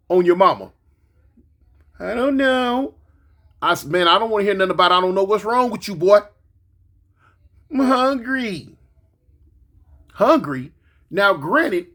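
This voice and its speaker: A man in his forties, a grandfather, telling a story in a casual monologue and acting out the quotes. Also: high-pitched. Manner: animated, acts out quotes, repeats words.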